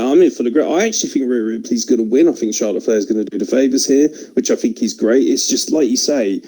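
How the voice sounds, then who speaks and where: Guy hosting a podcast, mellow warm voice, laughy and kinda wired, casual chatter. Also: lowish voice, rough recording. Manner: wired, laughing, quick asides. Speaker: podcast host.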